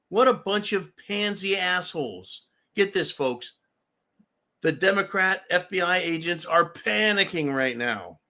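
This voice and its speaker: A man's voice: high voice, animated, a little slow, bright, forceful tone. A middle-aged man hosting a show, delivering a combative, profane political rant. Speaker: host. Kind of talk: political commentary monologue.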